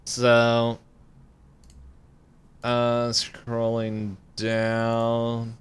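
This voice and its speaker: A man co-hosting a podcast, going through wiki notes in casual chat with frequent ums and pauses. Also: mid-range voice, monotone, clear, resonant tone. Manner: hesitant, lots of ums while reading notes. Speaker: podcast co-host.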